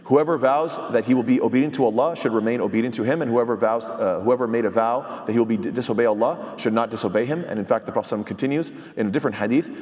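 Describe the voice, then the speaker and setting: A man delivers religious teaching at a brisk clip, his voice of average pitch. He explains points step by step, quoting Arabic and asking the room rhetorical questions. A long reverb hangs on his words, as in a large hall. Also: darkish tone. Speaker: imam giving tafseer. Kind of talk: sermon-style Quran commentary.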